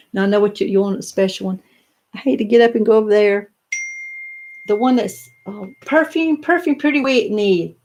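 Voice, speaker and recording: A woman's voice: medium pitch, normal speed, pauses often, a little mellow, a little hiss or hum. An older woman, chatting casually on a live stream and answering viewer comments, rambling a little with lots of fillers and restarts. She is in a home office lined with doll showcases.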